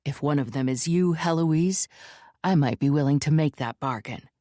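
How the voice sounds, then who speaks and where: A woman voicing a blunt, scornful young man who speaks flatly and bluntly. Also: low voice, normal speed, dry recording, studio quality, close to an everyday voice.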